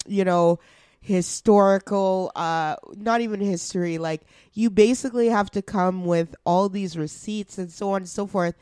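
Slow, blunt, swearing woman podcaster. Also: on the low side, a little mellow, smooth, no echo, clean studio sound. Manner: blunt, profane, ranting. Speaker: podcast co-host. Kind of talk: casual podcast chat.

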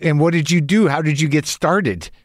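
A man's voice: a little high, moderate pace, dry recording, clean studio sound. A man interviewing a guest, asking short questions to keep the story going. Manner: brief prompting questions and backchannels.

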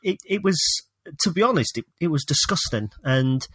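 A man's voice: fairly high pitch, lively intonation, normal speed, a bit bright, breathy edge, dry recording. Opinionated man in a dry home office. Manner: opinionated, hesitant with restarts. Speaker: podcast co-host. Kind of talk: casual football chat.

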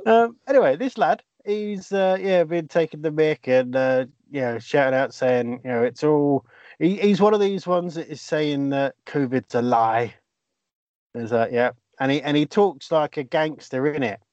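Casting: male podcast co-host, dry close sound, slightly raised pitch, jokey. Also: moderate pace, darkish tone, dry recording. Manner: jokey, hesitant with fillers. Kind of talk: casual banter. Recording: dull lo-fi sound.

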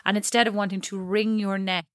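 A woman's voice: medium pitch, level tone, brisk, no room sound. Teasing woman, dry close sound. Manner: teasing, laughs often. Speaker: podcast co-host. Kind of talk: casual chat between sisters.

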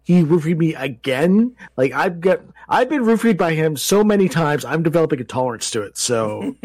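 Dry-witted male co-host from Canada, higher voice, dry room. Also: very animated, moderate pace, darkish tone, no room sound. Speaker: podcast co-host. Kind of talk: casual live podcast chat.

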